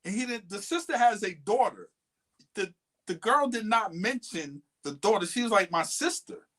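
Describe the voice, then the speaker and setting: A man's voice: sits high, animated, moderate pace, fairly bright tone. A man co-hosting a podcast, casually and animatedly retelling a friend's dating story with quoted lines. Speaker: podcast co-host.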